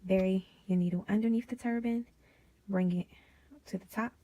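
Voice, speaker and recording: A woman hosting a casual sewing tutorial, chatty and drifting into quiet whispered asides as she works. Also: mid-range voice, steady tone, moderate pace, dull audio. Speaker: DIY sewing vlogger.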